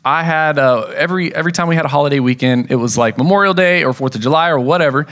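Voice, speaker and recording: A man's voice: fairly high pitch, fast talker, fairly bright tone. A man preaching a sermon as pastor, telling a story in a casual way with acted-out quotes.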